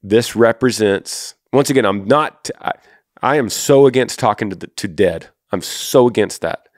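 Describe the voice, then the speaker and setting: A man's voice: lowish voice, normal speed, dry recording, studio quality. A man in his thirties with a Texan accent, hosting a faith-based advice podcast and speaking earnestly and directly to a listener. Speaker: podcast host.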